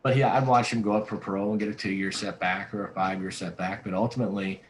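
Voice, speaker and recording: Brief: male pastor as guest, very low voice, earnest storyteller, keeps restarting lines. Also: fairly even intonation, fast, slight background noise, low-quality recording. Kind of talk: storytelling in a conversational interview.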